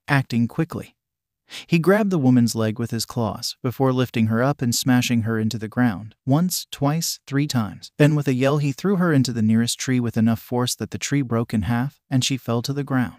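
A man narrating a fan-fiction story in a steady storytelling manner. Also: mid-range voice, moderate pace, dry recording, clean studio sound.

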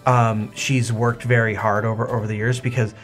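A man running a tabletop game, describing the scene in a halting, descriptive way. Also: on the low side, little pitch movement, a bit bright, faint music behind. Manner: halting, descriptive narration with many restarts. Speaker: game master.

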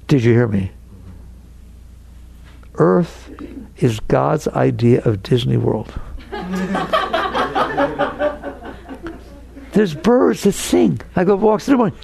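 A man giving an inspirational talk as a spiritual teacher, animated and acting out anxious inner voices. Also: a little high, drawn-out words, vocal fry, long pauses, slightly rough.

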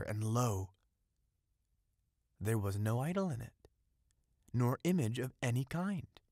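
Low-voiced man reading a fairy tale. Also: no room sound, clean studio sound. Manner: steady, ornate storytelling read. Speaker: audiobook narrator. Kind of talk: scripted audiobook narration.

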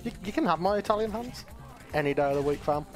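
A man's voice: high voice, fast talker, soft background music. A man chatting casually while gaming, joking and laughing often. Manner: laughs often, lively banter. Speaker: streamer.

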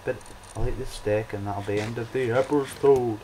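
A young man chats his way through a computer game, hesitant and rambling, stopping for ums and restarts. His voice sits at a middling pitch. Faint keyboard clicks and a light hiss sit behind him. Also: fairly even intonation, moderate pace. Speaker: let's play host. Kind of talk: casual gameplay commentary.

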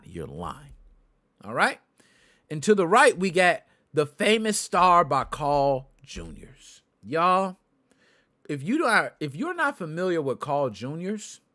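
Animated chatty male podcast host. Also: high voice. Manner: chatty, addresses viewers directly, answers chat. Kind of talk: casual livestream chat.

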